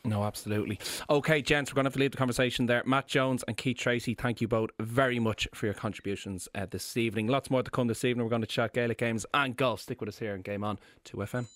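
A man with an Irish accent hosting a radio sports show, wrapping up segments and introducing guests briskly. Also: mid-range voice, fairly even intonation, fairly bright tone, no room sound, clean studio sound. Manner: brisk, smooth links.

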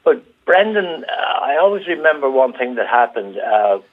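An older Irish man on a phone-in show, telling an animated anecdote and acting out the voices of the people in it. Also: medium pitch, moderate pace. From Ireland. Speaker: radio caller. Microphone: telephone. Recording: tinny phone line.

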